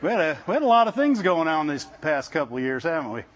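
High-voiced preacher with a muffled sound. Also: male voice, big pitch swings, fast. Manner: conversational, frequent restarts, keeps asking the congregation "Amen?". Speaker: visiting preacher. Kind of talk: sermon. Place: church service with congregation.

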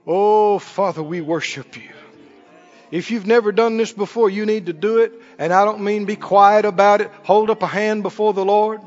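High-pitched male preacher, emphatic call-and-response sermon; muffled audio in a reverberant sanctuary. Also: little pitch movement, a little fast, few pauses, faint music behind. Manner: emphatic, rising to shouts, teasing the congregation. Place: church sanctuary. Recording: dull lo-fi recording in echoey hall.

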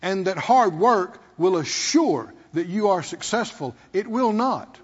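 Male pastor, husky and high-pitched, preaching in a roomy hall with dull sound. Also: animated, unhurried. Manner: preaching with call-and-response rhetorical questions. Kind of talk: sermon.

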